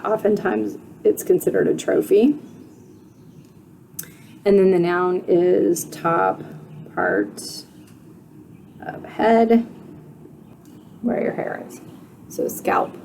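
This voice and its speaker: A woman teaching spelling at an unhurried, patient pace, spelling words letter by letter and pausing to question her students. Her voice is low and mellow with a gravelly edge. A faint hiss of noise sits under the recording. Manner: sounds out letters and syllables slowly, asking questions. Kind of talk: slow, deliberate spelling instruction.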